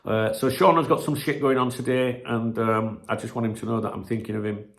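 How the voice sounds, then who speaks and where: A man's voice: medium pitch, fairly even intonation, a little fast. A man hosting a casual live-stream chat, rambling and blunt, swearing freely, with plenty of filler words and restarts. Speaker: channel host.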